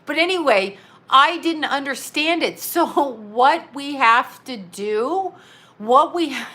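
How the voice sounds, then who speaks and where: A woman's voice: sits high, animated, takes it slowly, bright, forceful tone. A woman in her forties talking casually on a livestream from her small home studio, candid and rambling, often laughing. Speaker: psychic medium and vlogger. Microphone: phone camera.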